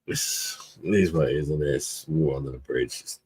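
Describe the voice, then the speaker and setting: A man hosts a beer review live stream, reading out viewer comments in loose, casual chat. His voice sits very low and sounds rough and husky. He talks bluntly, swears freely and laughs often. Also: brisk, darkish tone.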